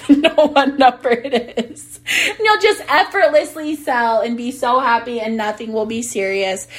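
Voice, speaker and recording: A young woman vlogger and business coach chatting casually, bubbly, swearing freely and laughing often. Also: mid-range voice. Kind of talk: casual chat. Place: sitting on a closet floor.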